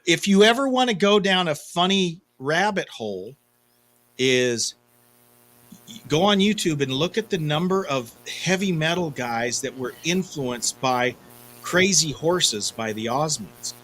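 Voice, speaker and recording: A man's voice: on the high side, lively intonation, measured pace, fairly bright tone, poor audio. A man in his fifties co-hosting a podcast in casual chat, telling self-deprecating stories. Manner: chatty storyteller, self-deprecating. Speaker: podcast co-host.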